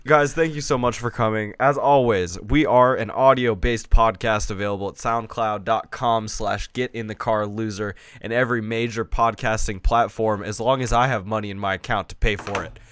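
A man's voice: on the low side, steady tone, moderate pace, few pauses, fairly bright tone, smooth, no echo. A young man co-hosting a casual podcast, joking crudely and swearing freely. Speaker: podcast co-host.

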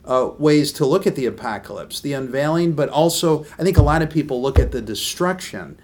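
Affirming man with a slightly higher voice. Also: animated, brisk, darkish tone. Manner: affirming, many short agreements. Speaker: co-host of a Christian talk show. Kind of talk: casual chat.

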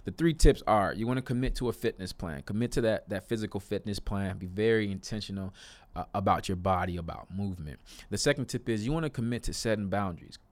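A man's voice: on the low side, fast talker. Earnest young man giving self-help advice. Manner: earnest, repetitive, rises to emphatic outbursts. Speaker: self-help video creator. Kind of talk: motivational talk to camera.

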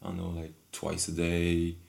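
Homem de voz muito grave e rouca, contando uma história de forma hesitante e divagante. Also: male voice, low-pitched, completely flat delivery, moderate pace, gravelly, a little mellow. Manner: rambling, hesitant, full of repeats. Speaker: guest. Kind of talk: casual storytelling.

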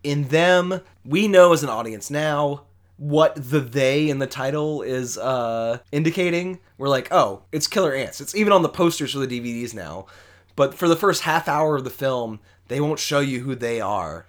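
A young man co-hosting a movie podcast, talking in a relaxed, rambling way full of fillers. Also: medium pitch, normal speed. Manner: relaxed, rambling, lots of fillers, easy laughs. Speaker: podcast co-host. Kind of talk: casual movie podcast chat.

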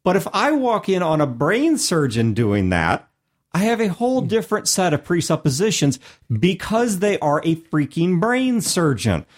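A man's voice: high-pitched, huge pitch swings, moderate pace. A man hosting a podcast in casual chat, talking emphatically and laughing often, from Missouri. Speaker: podcast host.

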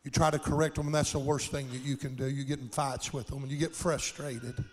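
A man's voice: mid-range voice, fairly even intonation, brisk, in a large hall, a little hiss or hum. An older man preaching a sermon in a church sanctuary, with impassioned, folksy delivery and plain country grammar.

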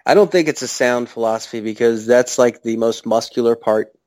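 A man's voice: mid-range voice, brisk, a little mellow, dry recording. A man chatting casually as a guest, joking and self-deprecating. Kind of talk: casual chat.

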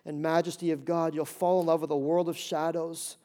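Animated high-voiced male pastor preaching. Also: a little fast. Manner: animated, acts out voices and jokes. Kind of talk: sermon.

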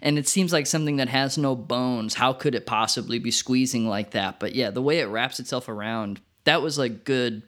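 A man co-hosting a podcast, talking relaxed and chatty about a film's creature effects. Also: mid-range voice, moderate pace, hardly any pauses. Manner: relaxed, chatty, filler-heavy. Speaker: podcast co-host. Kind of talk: casual film discussion.

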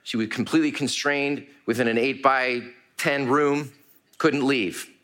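A man's voice: mid-range voice, steady tone, unhurried, a bit bright. A man preaching a sermon to a congregation, earnest and repetitive in his cadence. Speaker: pastor.

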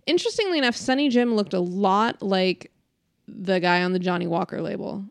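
A woman's voice: medium pitch, fairly quick, gravelly, dry recording, studio quality. A woman co-hosting a podcast in casual chat, talkative, laughing often and saying "like" a lot. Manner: chatty, laughing, uses "like" a lot. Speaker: podcast co-host.

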